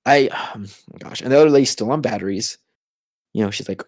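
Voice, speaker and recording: Casting: young male podcast co-host, animated storyteller, mid-pitched. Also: fairly quick, no echo, studio quality. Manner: animated, acts out quoted voices. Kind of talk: casual chat, storytelling.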